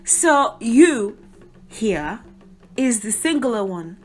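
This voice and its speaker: A woman's voice: fairly high pitch, big pitch swings, slow, faint music behind. A middle-aged woman, teaching a language lesson in a chatty way, with asides. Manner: chatty, explains with asides and small laughs.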